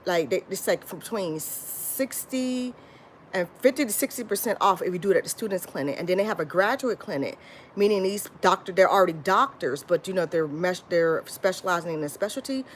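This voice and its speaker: A woman's voice: mid-range voice, a little hiss or hum. A woman from Florida, telling a rambling storytime to her viewers and calling them y'all. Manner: rambling, lively, addresses viewers as y'all, frequent restarts. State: tired. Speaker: vlogger. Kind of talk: casual storytime chat to viewers.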